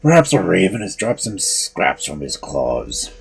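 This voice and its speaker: A man voicing a huge, gruff, suspicious male ogre in a storybook reading. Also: sits low, huge pitch swings, unhurried, voice pushed down, full character voice.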